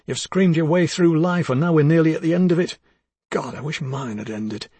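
Man voicing a bitter, bullying husband, husky, slightly high, for a dramatic audiobook. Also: normal speed, no room sound. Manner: bitter, accusing, swings from hushed to harsh. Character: bitter, jealous older husband, bullying and weary.

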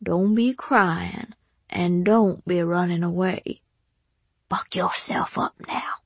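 A woman's voice: fairly low pitch, fairly even intonation, takes it slowly, vocal fry, breathy edge, no room sound, exaggerated voice. Woman voicing a fretful, protective maid. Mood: urging.

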